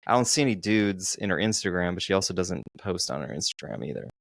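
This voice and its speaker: A man co-hosting a casual podcast, telling stories slowly and deliberately with frequent restarts. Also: low-pitched, expressive, vocal fry, fairly bright tone, dry recording. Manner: slow, deliberate storytelling with restarts. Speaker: podcast co-host, dating coach.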